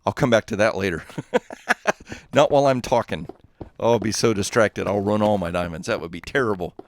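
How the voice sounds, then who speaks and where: A man with a Southern Texas accent talks casually through a gaming livestream, his voice sitting a little low. He rambles through stories and stops to read viewer messages aloud and answer them. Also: moderate pace, no room sound, studio quality. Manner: rambling, chatty, reads viewer chat aloud. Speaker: streamer.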